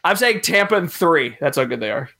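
A young man co-hosting a casual sports chat, animated and laughing often as he thinks aloud. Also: on the high side, brisk, vocal fry, a little hiss or hum. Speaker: podcast co-host.

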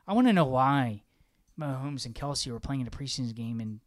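A man co-hosting a podcast, chatting casually about football in an excitable, rambling way, his pitch jumping when he gets worked up. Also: brisk. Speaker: podcast co-host. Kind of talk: casual sports chat.

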